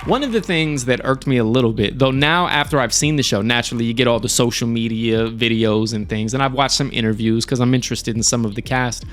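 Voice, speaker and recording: A man hosting a live stream and reviewing shows in a relaxed, chatty way, cursing casually and often restarting his sentences. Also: medium pitch, fast talker, few pauses, a little hiss or hum. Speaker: streamer and show host.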